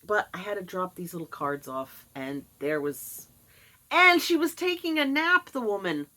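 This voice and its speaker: In a casual to-camera monologue, a middle-aged vlogger mocks and mimics people she quotes, full of sarcasm. She speaks at a measured pace in a medium pitch, animated, pushed and bright.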